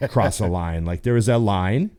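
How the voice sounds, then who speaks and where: A man from Canada tells stories in a relaxed, chatty way and slips into the voices of the people in them. His voice sits a bit low for a man. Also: takes it slowly. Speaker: guest, pro bodybuilder. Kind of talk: casual storytelling.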